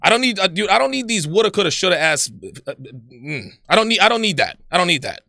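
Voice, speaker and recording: A man hosts a livestream and rants with anger and a lot of swearing, repeating his points. His voice is high, bright and gravelly. The sound is close and dry. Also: sing-song, fast talker, no room sound. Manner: angry, profane, repetitive. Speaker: livestream host. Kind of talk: heated livestream rant.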